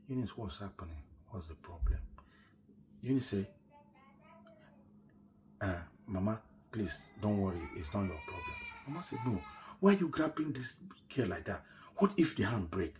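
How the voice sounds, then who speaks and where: A middle-aged man with a Nigerian English accent tells a personal story, swinging from loud quoted lines down to near-whispers. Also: fairly low pitch, normal speed, pauses often, a little hiss or hum. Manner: animated retelling, shouts quoted lines then drops to a near-whisper.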